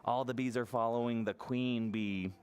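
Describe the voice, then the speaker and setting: A children's librarian reading a picture book aloud at preschool story time, expressive and asking the children questions. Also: medium pitch, moderate pace.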